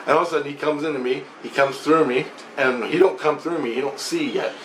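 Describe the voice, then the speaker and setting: A man telling a casual, rambling spoken account, animated and often repeating himself. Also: on the high side, fast, a little hiss or hum. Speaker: vlogger. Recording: roomy echo, faint ambience.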